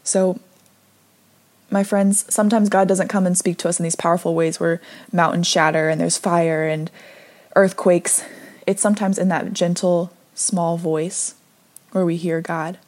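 A woman giving a conversational devotional talk, earnest and gently encouraging, reading scripture aloud between her own thoughts. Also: lowish voice, flat delivery, measured pace. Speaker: devotional speaker.

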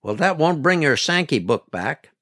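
A man voicing a gruff, blustering older grandfather who dotes on his goat. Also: on the high side, sing-song, normal speed, fairly bright tone, no echo, clean studio sound, pitched above the performer's own voice. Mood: dry.

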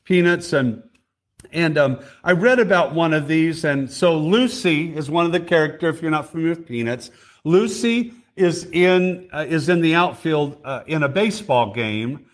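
Storytelling male preacher, slightly high voice. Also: lively intonation, normal speed. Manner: storytelling, addresses congregation directly with questions. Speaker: district superintendent preaching. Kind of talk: sermon. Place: church sanctuary.

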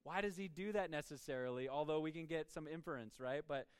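A man's voice: on the high side, quick pace, smooth, dry recording, long reverb tail. A man preaching a sermon in a conversational way, with laughs and asides. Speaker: pastor.

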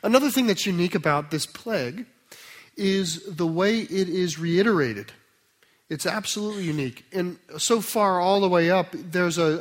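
A man preaching a sermon, explaining scripture in a conversational way, then reading a passage aloud slowly and softly. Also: on the high side. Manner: conversational teaching with restarts, slow and soft when reading scripture.

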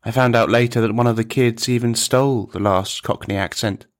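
A man narrating a dark comic story in a measured, deliberate, deadpan manner. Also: mid-range voice.

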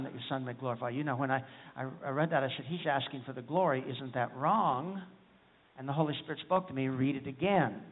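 A man's voice: medium pitch, in a large hall. A man preaching a folksy, humorous sermon, often asking the congregation for an amen. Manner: folksy, humorous, calls for amens. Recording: tinny phone-like sound.

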